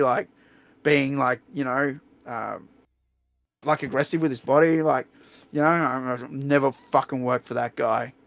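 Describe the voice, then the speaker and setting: Gravel-voiced Australian streamer host, slightly high, blunt and profane, dry close mic. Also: male voice, no room sound. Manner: blunt, profane, animated storytelling. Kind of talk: casual storytelling chat.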